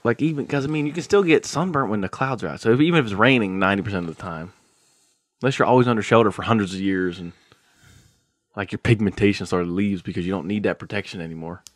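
A young man co-hosting a podcast, musing out loud in a loose, rambling way with lots of fillers. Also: on the low side, quick pace, no room sound, clean studio sound. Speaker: podcast co-host. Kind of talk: casual chat.

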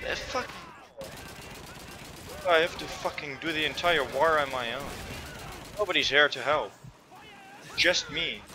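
A man's voice: a little high, bright, forceful tone, slight background noise. A man commentating on his own gameplay, frustrated and swearing constantly. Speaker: gamer. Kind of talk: let's play commentary.

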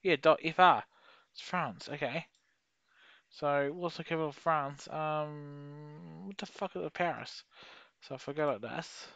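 A young man giving rambling, sweary commentary while playing a geography game, with sudden excited outbursts. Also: a little high, measured pace, gravelly, no room sound, muffled recording. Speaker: gaming YouTuber. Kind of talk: casual gameplay commentary.

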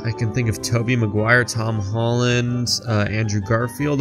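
A young man doing let's play commentary, jokey and rambling, yelling at the enemies on screen. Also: medium pitch, unhurried, soft background music. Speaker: gaming YouTuber.

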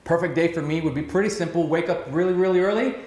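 A man in his thirties answering rapid-fire questions, upbeat and emphatic, with frequent filler sounds. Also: a little high, a little mellow, roomy sound. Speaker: real estate broker interviewee.

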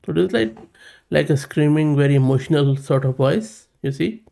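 A man's voice: a little high, animated, moderate pace, vocal fry, warm tone. A man hosting a tech tutorial, explaining a demo casually and thinking aloud. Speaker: tech channel host.

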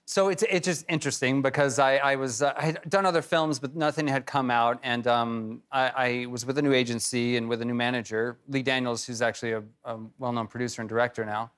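A man's voice: mid-range voice, brisk, hardly any pauses. Laid-back man, talk show guest. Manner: relaxed, laughs often, self-deprecating. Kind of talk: casual chat. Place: television studio with audience.

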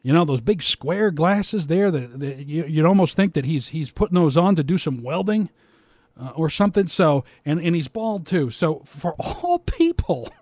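Mocking man with a higher voice. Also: a little mellow, no echo, studio quality. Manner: mocking, rambling with restarts. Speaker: commentator. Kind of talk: casual opinion rant.

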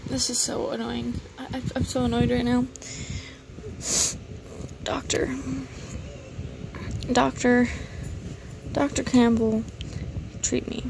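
A woman's voice: fairly high pitch, little pitch movement, moderate pace, vocal fry. A woman casually narrating her gameplay, muttering menu commands aloud and sighing now and then in mild exasperation. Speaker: gaming video creator. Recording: noisy background hiss.

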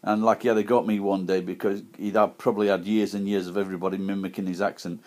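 A man from Sheffield talks into his iPad camera with a broad Yorkshire accent. His voice sits fairly low, and he rambles, stopping and restarting his sentences as he chats casually to viewers. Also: flat delivery, darkish tone. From Sheffield, England. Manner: rambling, halting, with many restarts and pauses. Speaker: vlogger.

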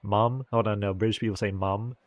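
A man's voice: on the low side, steady tone, fairly quick. A man streaming a video game, with casual, joking, profane commentary. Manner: joking, swears, laughs often.

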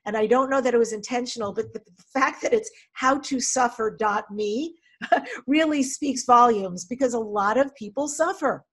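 Slightly high-voiced woman podcast host. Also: moderate pace, fairly bright tone, slightly rough. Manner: chatty and laughing. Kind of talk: interview hosting.

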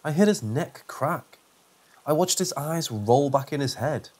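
A man narrating a first-person horror story in a steady, measured reading voice. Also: a little high, breathy edge.

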